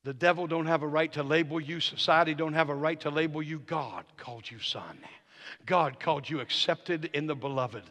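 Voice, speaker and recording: A man preaching a charismatic sermon as guest speaker, swinging from hushed talk to shouted declarations and telling stories with quoted dialogue. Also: a little high, normal speed. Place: church sanctuary. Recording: long hall reverb of a church.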